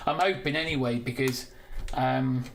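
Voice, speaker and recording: A man's voice: medium pitch, a little slow, a little hiss or hum. A British man from the UK hosting a casual live stream, chatting and giggling to viewers while he builds. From United Kingdom. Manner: chatty, giggly, talks to chat while working.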